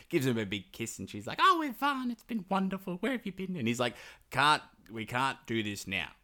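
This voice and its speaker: A man casually retelling a folk tale on a podcast, acting out the characters' lines. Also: lowish voice. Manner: animated storytelling, acts out characters' lines. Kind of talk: casual chat.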